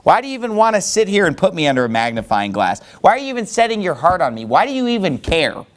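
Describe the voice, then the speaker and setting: Man doing a high, lively shouting grieving man, bitter and sarcastic. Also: fast.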